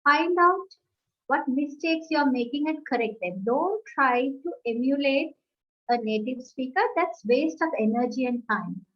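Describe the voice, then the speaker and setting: Woman, high voice, emphatic language coach, dull lo-fi sound. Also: expressive, unhurried. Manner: emphatic, coaching, uses "right?" tags. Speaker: webinar co-host, English trainer. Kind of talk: casual educational talk. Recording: dull lo-fi audio.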